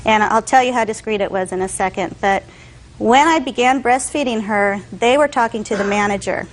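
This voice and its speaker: A woman's voice: medium pitch, a little fast, a little hiss or hum, low-quality recording. A young woman testifying as a defendant in court, telling her story with animation and acting out other people's voices.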